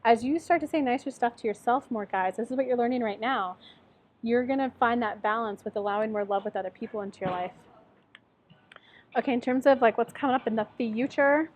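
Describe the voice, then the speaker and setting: Speaking a little fast in a slightly high voice, a woman from Tennessee offers a laid-back tarot reading. Her style is chatty and supportive, full of "um" and "like."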